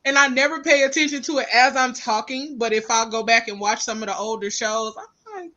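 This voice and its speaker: A woman with a Southern US accent, hosting a podcast and telling stories in a casual, animated way with laughter. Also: fairly high pitch, a little fast. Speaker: podcast host.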